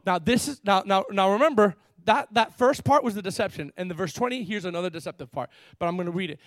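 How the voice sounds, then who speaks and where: A man preaching a lively sermon, reading scripture and repeating his words with frequent laughs. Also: sits high, fast, hardly any pauses, dry recording, studio quality. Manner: animated, repeats words, laughs often, acts out characters. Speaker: pastor.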